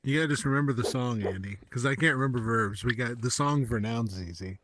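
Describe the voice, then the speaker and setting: A man's voice: mid-range voice, fast, a bit bright, no room sound. A man in casual chat, laid-back and jokey, swearing casually.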